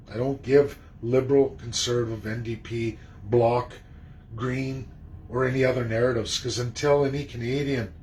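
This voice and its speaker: A man's voice: mid-range voice, slight background noise, rough recording. A man delivering an emphatic, indignant political monologue, throwing rhetorical questions at his audience and swearing freely. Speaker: political commentator.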